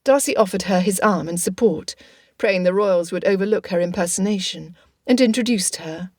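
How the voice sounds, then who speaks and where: A woman narrating an audiobook in a steady, even reading. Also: medium pitch, moderate pace, no echo, studio quality.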